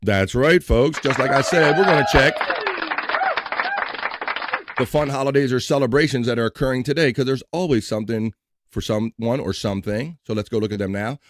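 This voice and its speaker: A man's voice: medium pitch, very noisy. A man hosting a live stream, chatting casually and joking, at times singing along. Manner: energetic, jokey, sings along.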